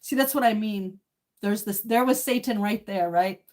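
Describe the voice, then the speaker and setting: Woman, 60s, live streamer; tearful, emotional, halting delivery full of fillers. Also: medium pitch, a little mellow. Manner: emotional, tearful and laughing by turns, many fillers. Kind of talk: casual live stream chat.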